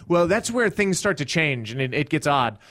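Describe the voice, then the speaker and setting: Male comic, fairly high voice, animated storyteller, dry studio sound. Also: unhurried, dry recording. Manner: animated, acts out people in the story with sudden high shouts. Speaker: stand-up comic telling a story. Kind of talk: casual podcast storytelling.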